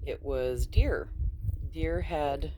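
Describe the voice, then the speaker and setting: A woman sheep farmer with a husky morning voice, just up and chatting casually into a handheld phone outdoors at her barn, wandering off topic as she goes. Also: low voice, extremely slow, background noise. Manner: chatty and digressive, easily distracted. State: just woken up, yawning. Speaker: sheep farmer and fiber seller.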